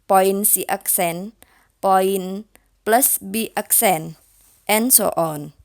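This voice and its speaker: A young woman, a student, slowly reading out a lesson on formulas term by term, with long pauses between the terms. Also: medium pitch. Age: young adult. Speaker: student presenter. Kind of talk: slow read-aloud lesson.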